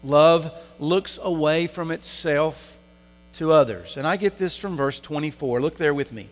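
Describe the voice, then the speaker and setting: A fairly high-pitched male pastor delivers a sermon at normal speed inside a church sanctuary. He puts rhetorical questions to the congregation, and the recording carries long hall reverb.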